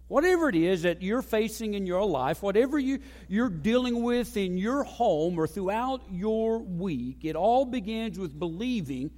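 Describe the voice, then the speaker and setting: A male pastor delivering a sermon, with dynamic preaching that swings between loud emphasis and soft low asides. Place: church sanctuary. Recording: long reverb of a large hall.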